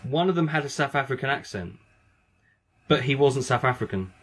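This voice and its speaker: A man's voice: mid-range voice, expressive, fairly quick, a bit bright, husky. Joking man, rambling chat. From United Kingdom. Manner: joking, rambling, laughs often. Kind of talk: casual chat on a live show.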